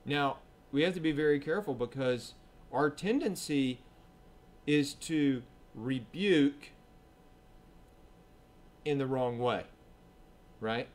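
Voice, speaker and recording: A man's voice: mid-range voice, takes it slowly, pauses often. A man preaching a sermon in church, talking conversationally, acting out what people say and checking in with "right?". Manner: conversational preaching, acts out quoted voices, asks "right?".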